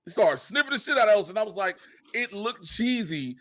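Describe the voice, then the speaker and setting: A man hosting a podcast in casual chat, animated and profane, acting out quotes in funny voices. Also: sits high, brisk, background noise. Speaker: podcast host.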